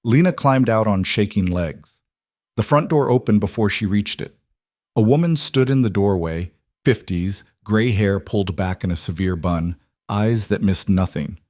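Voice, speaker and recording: A man reading a dramatic romance-thriller story in a measured, even narration. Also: lowish voice, no echo, studio quality.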